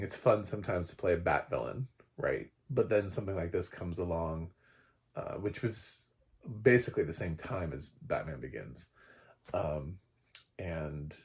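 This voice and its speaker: A man with a very low voice talks through a film review in a loose, chatty way. He wanders off on tangents and laughs at his own slips. His opinions come out strong and playfully exaggerated. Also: darkish tone.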